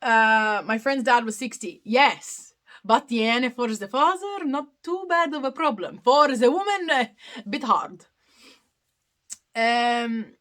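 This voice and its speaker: Bright, chatty Australian woman in her thirties. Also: fairly high pitch. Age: 30s. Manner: chatty, giggly, reads comments aloud. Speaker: live Q&A host. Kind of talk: casual live-stream Q&A.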